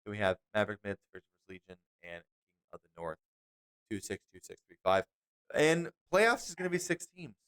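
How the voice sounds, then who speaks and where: A man's voice: fairly low pitch, sing-song, a little fast, a bit bright, smooth. A man co-hosting a casual fantasy football podcast late at night, sounding tired and yawning now and then. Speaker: podcast co-host.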